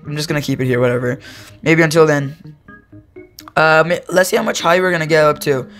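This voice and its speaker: A teenage gaming YouTuber rambles casually over his gameplay, easily amused and often stopping to correct himself. His voice is a little high and fairly bright, fairly quick but with frequent pauses, and faint music plays behind him.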